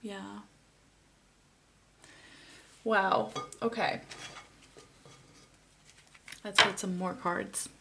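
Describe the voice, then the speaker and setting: A woman giving a pick-a-card tarot reading, talking softly and encouragingly with frequent pauses and fillers. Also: medium pitch, fairly even intonation, vocal fry, noisy background. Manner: soft, unhurried and encouraging, with many fillers.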